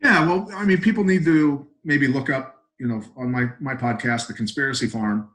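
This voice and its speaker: Blunt, animated middle-aged man. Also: medium pitch, normal speed, rough recording. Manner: animated storyteller, blunt and emphatic. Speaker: guest, retired fighter and coach. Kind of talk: casual podcast storytelling.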